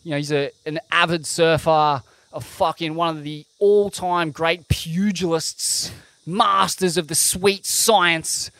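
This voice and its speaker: An Australian man co-hosting a podcast in a laid-back, sweary chat, often trailing off quietly. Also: steady tone, takes it slowly, clean tone, no room sound. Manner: laid-back, swears a lot, low mumbled delivery. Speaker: podcast co-host. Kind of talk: casual chat.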